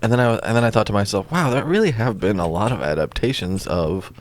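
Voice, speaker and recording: Man, very deep voice, casual podcast co-host, dry joking, wanders off on tangents. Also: lively intonation, fast. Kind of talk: casual chat over gameplay.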